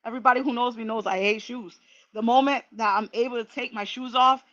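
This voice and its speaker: Woman, casual livestream chat, bright voice, lo-fi dull audio. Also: a little high, brisk. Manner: chatty, animated, laughing asides. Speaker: livestream host.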